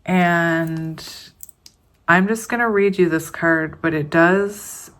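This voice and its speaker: A woman chatting casually through a tarot card reading for her viewers, slow and unhurried, with frequent giggles. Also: fairly low pitch, a bit bright. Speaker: tarot reader.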